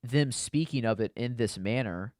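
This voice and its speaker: A man co-hosting a podcast in a relaxed, rambling chat, often circling back with "you know". His voice is smooth and clear. The sound is dry and close, with no room around it. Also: mid-range voice, moderate pace, dry recording. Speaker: podcast co-host. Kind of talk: casual movie discussion.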